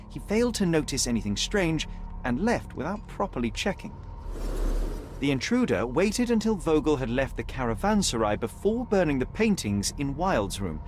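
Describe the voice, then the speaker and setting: An actor voicing a young male detective in a game, laying out his deductions in calm, measured reasoning. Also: on the high side, a little hiss or hum. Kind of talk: game voice acting, deductive narration.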